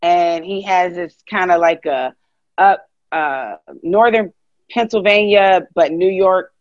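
A woman from Pittsburgh with a Pittsburgh accent, hosting a casual chat and telling stories with animated energy. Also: fairly low pitch, slow pace, dry recording, muffled recording. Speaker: host.

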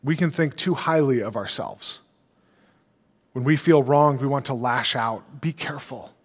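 A man's voice: mid-range voice, unhurried, husky, in a large hall. A male pastor delivering an earnest sermon, quoting scripture and asking rhetorical questions.

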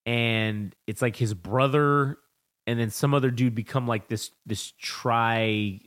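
An unhurried man with a medium-pitched voice co-hosts a podcast. In casual, profane conversation he animatedly retells film scenes and acts out their lines.

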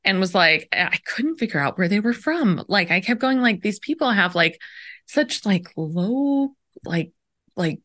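A woman co-hosting a podcast, telling a story in casual, conversational chat with quick short reactions. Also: medium pitch, animated, a bit bright. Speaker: podcast co-host.

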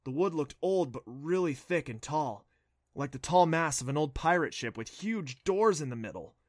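A man's voice: fairly high pitch, expressive, moderate pace, no echo, clean studio sound. Man narrating a children's novel. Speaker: audiobook narrator. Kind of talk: scripted narration.

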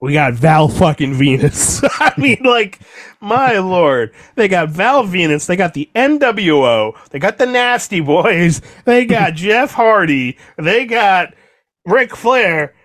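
A young man co-hosting a podcast, recapping wrestling in a profane, exasperated, animated rant. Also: high-pitched, slow pace. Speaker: podcast co-host. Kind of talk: casual wrestling recap chat.

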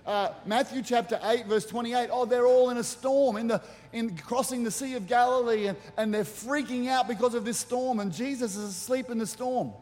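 A man preaching a sermon as pastor, animated and acting out the voices in the stories he tells. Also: very high-pitched, moderate pace. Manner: animated, acts out quotes in the story. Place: church auditorium. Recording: long reverb of a large church hall.

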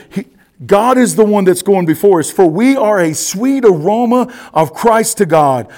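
Pastor in his forties, high tenor, lively teaching sermon, keeps checking "you ready?". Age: 40s. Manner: animated, asks the listeners questions and repeats "you ready?". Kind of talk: expository Bible teaching sermon.

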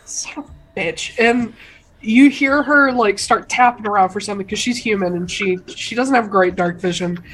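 A woman narrating a tabletop game as game master, unhurried and pausing often. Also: mid-range voice, poor audio. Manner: unhurried, hesitant, many filler pauses.

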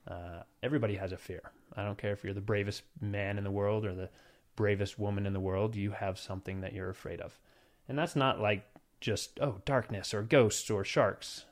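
A man's voice: fairly low pitch, steady tone, moderate pace. Chatty joking man in his thirties. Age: 30s. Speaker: podcast host. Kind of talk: casual podcast chat.

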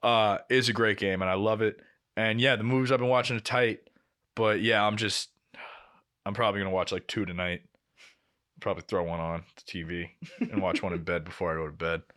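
Bright-voiced young man telling a story. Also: on the low side, brisk. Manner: swears often, animated storytelling. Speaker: podcast co-host. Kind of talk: casual chat.

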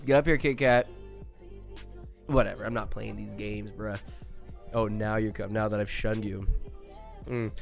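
Rambling, excitable male podcast host. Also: lowish voice, unhurried, creaky, long pauses, music in the background. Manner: rambling, enthusiastic, crude jokes. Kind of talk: comedic movie recap monologue.

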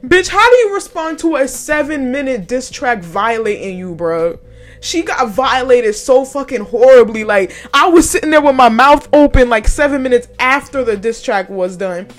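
A woman's voice: high-pitched, normal speed. A young woman hosting a podcast, chatting casually with lots of swearing and frequent laughter. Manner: profane, animated, laughs often. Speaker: podcast host. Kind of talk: casual chat.

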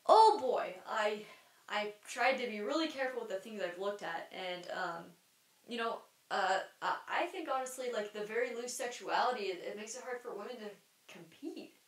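Speaking at normal speed in an expressive mid-range voice, a young woman runs her own podcast, musing in a candid, rambling flow with frequent fillers, restarts and casual curses. Her mic sits at a distance, giving a roomy sound.

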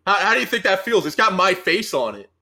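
A man's voice: high voice, sing-song, quick pace, pushed and bright. A man in his thirties chatting casually as a podcast guest, self-deprecating and laughing often. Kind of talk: casual chat.

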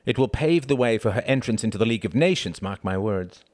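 A man's voice: on the low side, animated, fast, a little mellow, no echo, pitched above the performer's own voice, lightly acted. A man voicing a pompous, lecturing father. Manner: instructive, pompous. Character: worldly, lecturing father fond of cognac. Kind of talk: audiobook character voice.

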